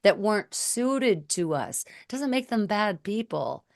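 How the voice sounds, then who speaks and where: A woman's voice: mid-range voice, very animated, slow, vocal fry. A woman in her forties or fifties co-hosting a talk show, speaking frankly and telling personal stories. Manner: frank, storytelling with acted-out quotes. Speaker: podcast co-host, communication expert. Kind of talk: casual conversation.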